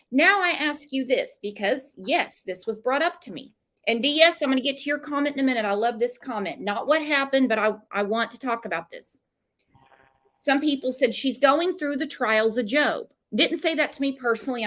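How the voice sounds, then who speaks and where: A woman's voice: high-pitched, bright, forceful tone. A woman hosting a livestream with callers, blunt and opinionated as she reads out viewer comments. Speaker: host.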